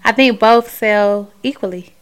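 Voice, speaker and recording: A woman's voice: a little high, measured pace. A woman co-hosting a podcast in casual chat, blunt and dry with slangy talk. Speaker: podcast co-host.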